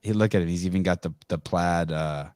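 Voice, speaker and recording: A man in his fifties hosts a casual podcast chat with a fairly low voice. He swears freely and rambles, stopping and restarting his sentences. The sound is dry and close, with no room echo. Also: brisk, darkish tone, clear, resonant tone. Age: 50s. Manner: profane, rambling, with many restarts. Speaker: podcast host.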